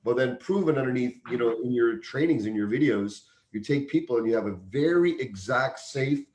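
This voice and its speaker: A man's voice: medium pitch, animated, normal speed, a little mellow, roomy sound. A man hosting a live interview, talking with enthusiasm about his own self-defense teaching. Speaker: host.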